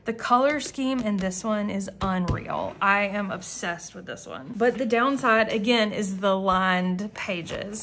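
A woman talking casually in an unboxing vlog at home, gushing and excitable as she chats on. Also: medium pitch, slight background noise. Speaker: planner vlogger. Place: common room at home, indoors.

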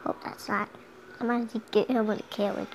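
A woman's voice: on the high side, little pitch movement, fairly quick, slight background noise, rough recording. A young girl casually talking through a game at home, chatty and giggly, sometimes humming along. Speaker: gameplay commentator. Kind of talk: casual gameplay commentary. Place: home room.

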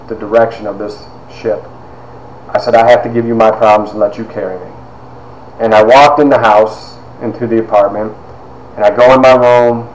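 A man's voice: lowish voice, darkish tone. A man giving a personal testimony as a storyteller, acting out the voices of people he quotes. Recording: echoey room with faint noise.

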